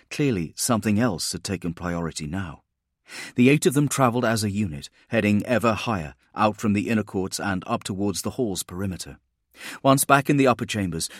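A man giving steady, measured scripted narration of an audiobook. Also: on the low side, no room sound, clean studio sound.

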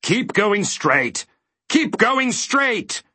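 A man voicing a deceitful little male creature who shouts bad advice and boasts loudly. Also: high-pitched, big pitch swings, extremely slow, slightly rough, no room sound, voice pushed up, heavily acted. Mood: urging. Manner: shouting bad advice, gleeful then cold.

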